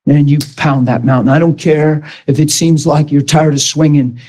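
A man preaching a sermon, teaching steadily and then building to impassioned, shouted declarations. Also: on the high side, fairly even intonation, moderate pace. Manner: impassioned, rising to shouts when quoting himself.

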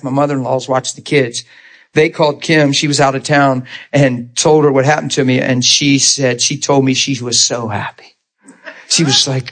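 An animated man giving a testimony sermon at a middle pitch, telling his story with frequent laughter. He talks to his listeners directly, asks whether they are following him, and acts out the voices of people in his story. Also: normal speed. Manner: conversational, rhetorical asides to listeners.

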